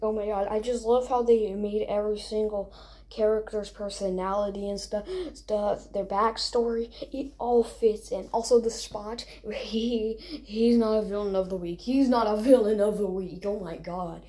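A young woman hosting a casual countdown, excitable and rambling, recorded at home late at night. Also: mid-range voice, normal speed. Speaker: video host. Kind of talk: casual awards-style countdown.

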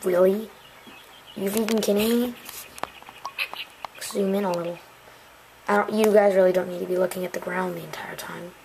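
A goofy young woman chats through a mobile game for her channel, mid-pitched and playful, breaking into silly shouted catchphrases. Her home recording carries loud, steady background noise. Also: normal speed, vocal fry, pauses often. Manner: goofy, chatty, yells catchphrases. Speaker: gaming channel host. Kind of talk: casual let's-play commentary.

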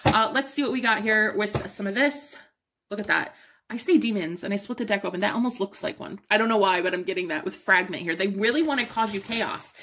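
A young woman reads tarot cards in a loose, chatty way, pressing her points hard and breaking into excited exclamations. She swears now and then and keeps reassuring the listener. Her voice sits at an ordinary middle pitch for a woman. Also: brisk. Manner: emphatic and encouraging, swearing casually, excited exclamations. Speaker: tarot reader. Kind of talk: casual pick-a-card tarot reading.

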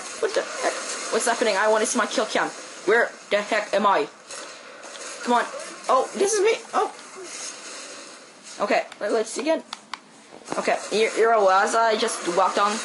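A man with a Quebec French accent, a native French speaker, talks through his gameplay at an easy, slow pace. He swears freely and breaks into sudden high-pitched yelps and cries during the action. A faint noise hums beneath his voice. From Quebec, Canada. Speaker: gameplay commentator. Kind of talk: casual gameplay commentary.

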